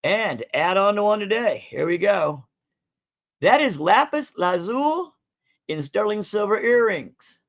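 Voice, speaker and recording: A man hosts a casual livestream selling coins and jewelry, chatty and folksy, addressing viewers as "folks." His high-pitched voice is gravelly and animated, and he speaks a little slowly.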